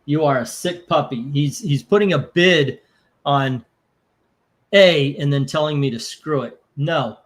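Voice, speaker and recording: A rather high-pitched man running a live comic auction. He rambles between bids, swears casually and laughs through his stories. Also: measured pace. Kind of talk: casual live-stream chat.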